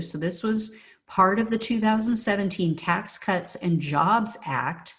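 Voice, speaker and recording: A woman hosting a political commentary show, talking bluntly and sarcastically with some profanity. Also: lowish voice. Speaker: political commentary podcast host.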